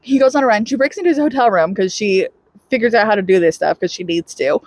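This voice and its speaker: A woman's voice: mid-range voice, quick pace, dry recording. A woman co-hosting a podcast, recapping a book in casual chat, laughing often and acting out the characters' lines. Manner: animated storyteller who laughs often and acts out quotes. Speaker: podcast co-host.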